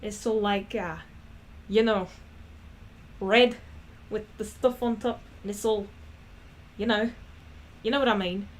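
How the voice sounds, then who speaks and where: A woman's voice: mid-range voice, steady tone, measured pace, long pauses, a little hiss or hum, lightly acted. A woman voicing a chatty customer with a put-on Scottish accent who rambles while hunting for the name of a dish. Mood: rambling.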